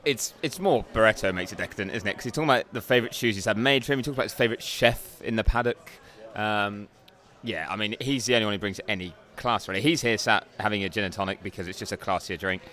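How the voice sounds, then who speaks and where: A man's voice: fairly low pitch, quick pace, pushed and bright. A man co-hosting a podcast from a bar, wry and rambling as he tells a story in casual banter. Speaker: podcast co-host.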